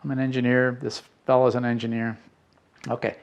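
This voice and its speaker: A middle-aged man reading out letters and reflecting, in a slow, halting way with fillers and restarts. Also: medium pitch, little pitch movement, gravelly, lo-fi sound. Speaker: spiritual podcast host.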